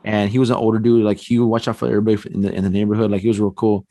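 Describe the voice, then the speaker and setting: A man telling a personal ghost story on a podcast, animated and acting out the voices in his tale. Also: on the low side, rapid-fire, no echo. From San Antonio, Texas. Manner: animated storyteller, acts out quotes, frequent restarts and "man". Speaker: paranormal investigator guest.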